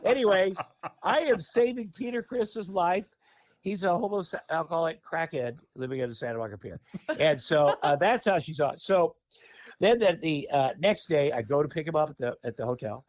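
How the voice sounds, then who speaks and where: Male podcast guest, higher-pitched voice, lively and profane storyteller, close dry mic. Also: moderate pace, no echo. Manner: animated, profane, laughing often. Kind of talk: casual storytelling.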